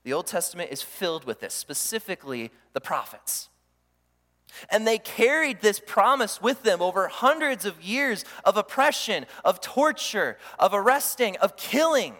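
A man preaching a sermon as pastor, animated, acting out the voices he quotes. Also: sits high, normal speed. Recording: long hall reverb.

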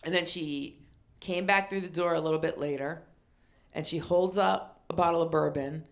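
A middle-aged woman comedian telling a funny story, animated and acting out other people with loud exclamations. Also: low voice, moderate pace, gravelly. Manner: animated, acts out quotes with shouted exclamations.

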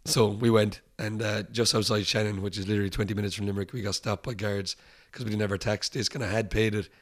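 A man from Ireland, a musician guest, chats at a quick pace with a fairly low pitch. He recounts anecdotes in an easygoing, animated way, performing the voices of the characters and laughing often.

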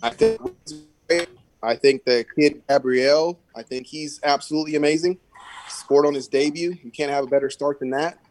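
A man's voice: fairly high pitch, moderate pace, faint music behind. A man co-hosting a casual sports podcast, opinionated, leaning on "I think" and lots of fillers. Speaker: podcast co-host.

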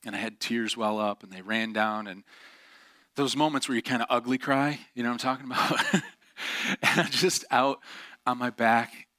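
A man's voice: medium pitch, normal speed, bright, forceful tone, no echo, studio quality. A middle-aged male pastor preaching a sermon, telling a personal story candidly with self-deprecating asides and plenty of fillers.

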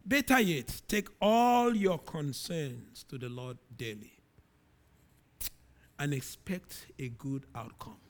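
A middle-aged man preaching a sermon, reading scripture dramatically with loud emphatic peaks and quiet low drops. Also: slow pace.

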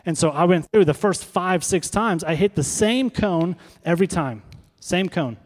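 This pastor has a high, expressive voice with a darkish tone and speaks at a moderate pace. He preaches to his congregation conversationally, tossing rhetorical questions to the room, and the recording carries the long reverb of a hall.

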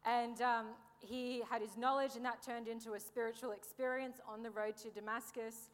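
A young woman delivers a sermon in a slightly high voice, lively and playful, breaking off for jokes and calls for an amen. Her words ring out with the long reverb of a big hall. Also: normal speed. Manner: lively, joking asides, calls for amens. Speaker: preacher.

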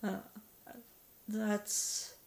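A woman from Sweden speaking English, giving a halting personal religious testimony with repeated words and broken grammar. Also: a little mellow.

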